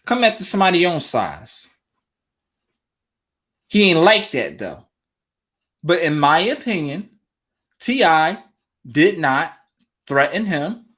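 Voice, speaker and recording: A man's voice: on the high side, big pitch swings, slow, pauses often, fairly bright tone. A man hosting a relationship talk show, giving casual commentary straight to his viewers and repeating phrases for emphasis.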